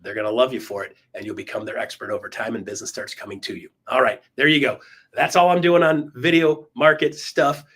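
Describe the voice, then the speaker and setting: A man coaching real estate agents in an enthusiastic, emphatic motivational talk, swinging his pitch up and down. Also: fairly even intonation, a little fast, fairly bright tone, husky.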